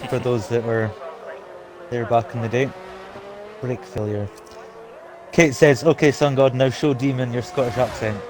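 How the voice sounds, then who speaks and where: A man's voice: mid-range voice, fairly even intonation, a little slow, long pauses, a little mellow, slight background noise. A man commentating a live sim race, calling positions and reading chat aloud. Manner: play-by-play calls, reads out chat.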